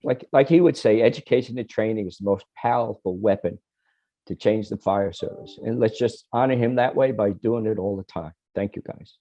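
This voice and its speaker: A man on a video call panel, haltingly recalling a late friend with many restarts. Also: fairly low pitch, warm tone, no echo, lo-fi sound.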